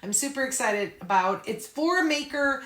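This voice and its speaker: A woman's voice: high voice, lively intonation, moderate pace, a bit bright, reverberant. A chatty, upbeat woman hosting a live craft tutorial and greeting viewers by name. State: out of breath. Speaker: craft class host.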